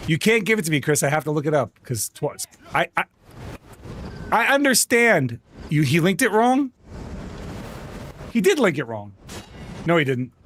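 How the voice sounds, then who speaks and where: A man streaming a game live, chatting to viewers, quickly swinging between laughter and angry outbursts. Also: a little high, very animated, a bit bright, slight background noise.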